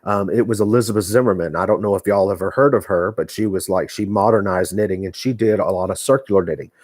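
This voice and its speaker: Live-streaming from his living room, a knitting vlogger from Texas speaks fast in a low, darkish voice with a Texan accent. His talk is folksy, meandering and full of fillers, captured at studio quality with no echo.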